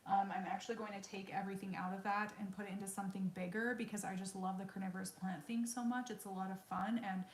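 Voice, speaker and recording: A woman's voice: medium pitch, level tone, fast, hardly any pauses. Chatty thirtysomething woman doing a live q&a at home, laughs at herself, roomy echo, faint hiss. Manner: chatty, self-deprecating, laughs often. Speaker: livestream host answering viewer questions. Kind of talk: casual live Q&A chat. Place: room at home. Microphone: wireless mic with receiver.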